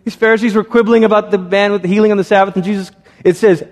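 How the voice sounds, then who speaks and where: A man's voice: high voice, steady tone, rapid-fire, big-room sound. A man preaching a sermon in a conversational way, acting out little voices as he goes. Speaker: pastor.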